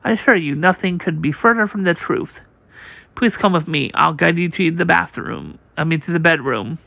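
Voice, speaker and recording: A man reading aloud as a polite, sinister male butler, courteous and unhurried. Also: on the high side, expressive, gravelly, pushed and bright, no echo, heavily acted.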